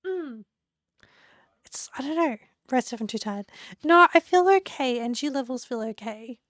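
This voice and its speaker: A young woman streaming from home, talking casually to her chat with a hoarse, squeaky voice she says she is losing, rambling and laughing often. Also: expressive, moderate pace, fairly bright tone, no room sound, clean studio sound. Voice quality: squeaky, creaky voice. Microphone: desk mic.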